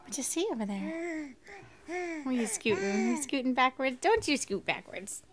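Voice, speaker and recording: A woman's voice: sits high, animated, normal speed. A young woman filming at home with a handheld camera, coaxing her baby in sing-song baby talk.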